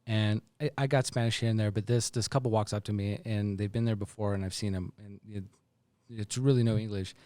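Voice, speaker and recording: A man co-hosting a podcast, telling a story from work in animated casual chat, saying bro and dude. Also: fairly low pitch, brisk, no echo. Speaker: podcast co-host.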